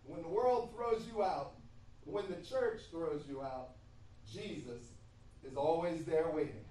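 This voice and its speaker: A man's voice: on the high side, unhurried, dark tone. A man preaching a sermon, with emphatic repetition and frequent hesitations. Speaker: pastor. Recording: echoey room from far off.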